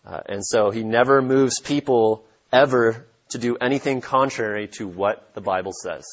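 A man's voice: mid-range voice, moderate pace, highs cut off. A man preaching a sermon as pastor, emphatic and repeating his key points for stress.

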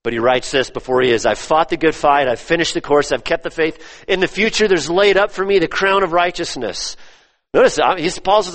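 A man preaching a sermon, emphatic, repeating his phrases and swinging between loud stresses and hushed drops. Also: fairly high pitch, animated, moderate pace. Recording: long reverb of a church hall.

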